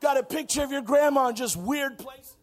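A man preaching a Pentecostal sermon, shouting and folksy, dropping to quiet asides between loud calls. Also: extremely high pitch, fairly quick, a little hiss or hum. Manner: shouting, preaching with rising intensity. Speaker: pastor.

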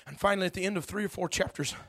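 A man preaching a sermon with impassioned delivery, dropping to hushed tones and building to shouts. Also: high-pitched, rapid-fire.

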